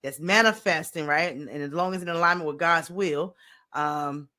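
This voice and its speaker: A woman's voice: sits low, normal speed, pushed and bright. A woman coach hosting a podcast, chatting and encouraging her guest in an easy, colloquial way. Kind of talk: casual interview.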